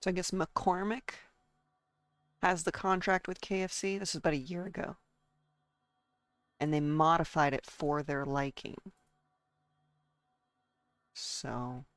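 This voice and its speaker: A woman's voice: deep voice, fairly even intonation, slow, long pauses, no echo. A woman streaming a game and chatting casually, rambling from one thought to the next and talking to her chat and herself.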